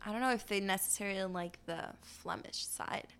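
A woman speaking at an ordinary middle pitch, recounting a story as a guest on a casual podcast. She talks in a loose, chatty way, trails off and restarts, and laughs easily as she goes. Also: a little fast, gravelly, a bit bright, clean tone.

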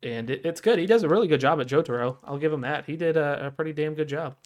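A man's voice: a little high, quick pace. A man co-hosting a casual podcast, talking in a rambling way full of fillers and restarts. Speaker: podcast co-host. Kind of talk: casual chat.

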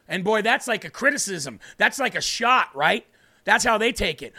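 A male host with a high, bright, ringing voice delivers impassioned faith talk straight to his viewers. He is emphatic and preachy, leaning hard on his points as he answers their comments. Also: lively intonation, moderate pace. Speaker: host of a Christian talk show.

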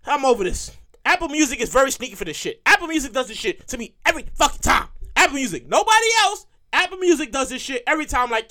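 A woman hosting a comedy podcast, ranting in a profane, animated monologue and repeating lines for emphasis. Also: high voice, quick pace. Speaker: podcast host and comedic writer.

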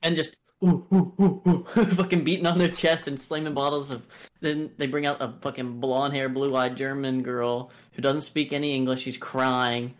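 Animated, profane American man. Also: medium pitch, moderate pace. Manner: animated, profane, acts out quoted voices. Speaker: podcast co-host. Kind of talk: casual film review chat.

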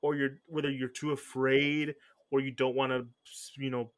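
Medium in pitch and level in tone, this man hosts a podcast at a moderate pace. His casual chatter rambles, with lots of self-correction and frequent restarts.

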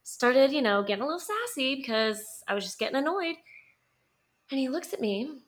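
A woman's voice: high voice, big pitch swings, normal speed. A young adult woman co-hosting a podcast, telling a dating story in a chatty, sassy way with lots of laughter and fillers. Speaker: podcast co-host. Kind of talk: casual storytelling chat.

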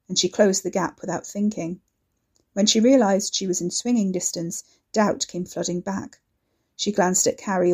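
A woman narrating a serialized fiction story in a steady, measured way. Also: fairly low pitch.

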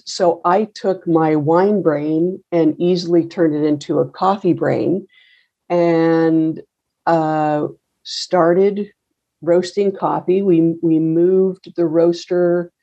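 A woman's voice: low-pitched, warm tone, dull audio. A middle-aged woman in a casual interview, telling her story in a rambling, wry way with many fillers and restarts. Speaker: coffee roaster and business owner.

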